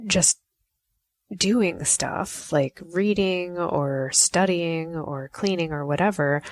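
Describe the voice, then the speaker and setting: Solo podcast host, a woman with a lowish voice, close and dry, chatty and reflective. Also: no room sound. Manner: chatty and reflective, often acting out quoted lines. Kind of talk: casual solo podcast talk.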